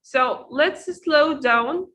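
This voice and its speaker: A woman teaching pronunciation in an online lesson, repeating each word slowly to drill it. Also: sits high, pushed and bright, poor audio. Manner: slow, repeats words to drill them.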